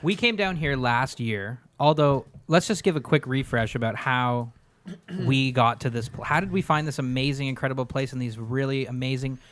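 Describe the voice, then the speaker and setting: A man's voice: mid-range voice, a bit bright, a little hiss or hum. A man from Canada hosting a podcast in upbeat casual chat, recorded at an outdoor pavilion at a resort. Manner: upbeat, quick-talking. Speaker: podcast host.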